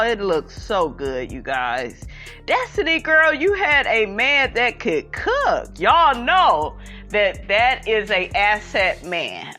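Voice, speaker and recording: A sassy woman chats casually about gossip, her bright voice swinging up and down in pitch. She talks slowly and calls her listeners honey and child. Faint music plays underneath. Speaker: gossip commentator. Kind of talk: casual chat reading comments.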